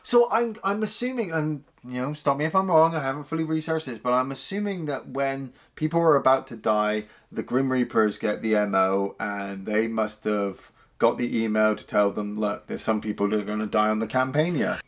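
A man co-hosting a casual film review podcast, animated and swearing freely. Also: normal speed. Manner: animated, swears casually, mimics lines in a high voice. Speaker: podcast co-host reviewing films.

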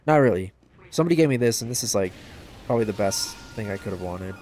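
A man casually commenting on a game livestream and reading chat aloud, joking at his own expense and yelping out loud during play. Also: fast talker, slight background noise. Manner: excitable, bursts into high yelps during play; self-deprecating, joking. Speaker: gaming livestreamer.

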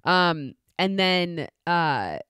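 A woman's voice: fairly low pitch, sing-song, extremely slow, a bit bright, clear, resonant tone, dry recording, clean studio sound. A woman co-hosting a podcast, chatting casually and with energy, with lots of fillers and restarts. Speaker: podcast co-host. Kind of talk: casual chat recap.

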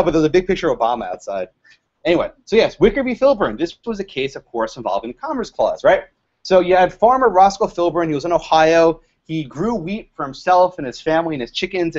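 A man giving a lively, joking law lecture to a live audience, quizzing the room and laughing at his own jokes. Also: fairly high pitch, a little fast. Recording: dull lo-fi lecture recording.

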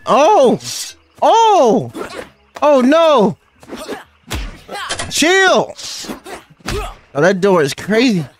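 A young man doing excitable, slangy let's-play commentary as he plays a game, often yelling at what happens on screen. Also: high-pitched. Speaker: gaming YouTuber.

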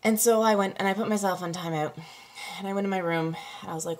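A woman in her thirties, a parenting coach, talking candidly to camera, halting and close to tears. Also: medium pitch. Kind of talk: personal vlog monologue.

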